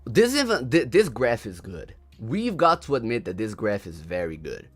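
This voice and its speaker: A man's voice: mid-range voice, huge pitch swings, normal speed, soft background music. A young man from Brazil with a Brazilian accent, hosting a casual livestream, laughing often and repeating himself in slangy chatter. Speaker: livestream host.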